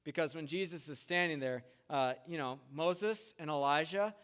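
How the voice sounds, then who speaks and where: A man's voice: a little high, moderate pace, clean tone. A man preaching a sermon as a pastor, in a conversational way, and acting out the people in the stories he tells. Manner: conversational, animated retellings with acted quotes. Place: church sanctuary. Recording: long church hall reverb.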